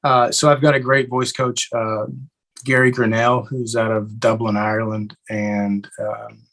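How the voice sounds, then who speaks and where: A young adult man from Eastern Kentucky, answering interview questions in a relaxed way with many fillers and restarts. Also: fairly low pitch, unhurried, rough recording. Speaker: actor guest.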